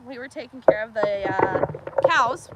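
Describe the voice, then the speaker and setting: A woman's voice: a little high, lively intonation, measured pace, very noisy. A woman hosting a casual farm livestream outdoors by a cow pen, chatting, laughing often and cooing at the animals, with her camera on a tripod. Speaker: homestead livestream host.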